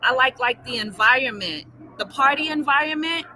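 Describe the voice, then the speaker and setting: A woman's voice: high voice, normal speed, pushed and bright, a little hiss or hum. A woman from Boston with a Boston accent, talking casually on a livestream in a rambling, chatty way and swearing freely. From Boston, Massachusetts. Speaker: livestream guest.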